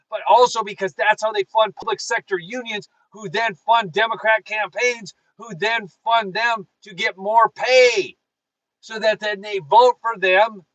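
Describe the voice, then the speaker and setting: A man's voice: high-pitched, fairly bright tone, no room sound, muffled recording. A man hosting a live political show from his car, fired up and preachy, talking straight to his viewers and reading their chat. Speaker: political talk show host.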